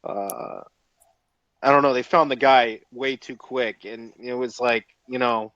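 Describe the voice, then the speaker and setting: Guy chatting on a podcast, blunt and cussing, mid pitch, dry sound. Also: unhurried, a bit bright, dry recording, highs cut off. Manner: blunt, swearing, exasperated. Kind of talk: casual conspiracy chat.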